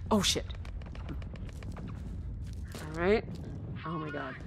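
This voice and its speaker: Lively, bright-voiced woman gaming. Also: mid-range voice, a little slow, pauses often, a little hiss or hum. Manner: jumpy, yelps and shrieks, then drops to a hushed mutter; talks to her in-game dog. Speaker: let's play streamer. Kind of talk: horror game let's play commentary.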